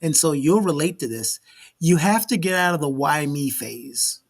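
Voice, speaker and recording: A man's voice: on the high side, moderate pace. A man in his forties from Miami, Florida, hosting a live talk show and telling stories with acted-out dialogue. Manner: animated storyteller, acts out the dialogue. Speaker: show host. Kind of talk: casual chat on a live show.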